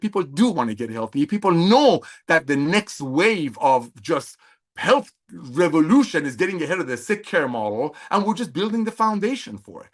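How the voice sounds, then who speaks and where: A man giving energetic, repetitive motivational coaching on recruiting through network marketing, with a preachy tone. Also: fairly high pitch.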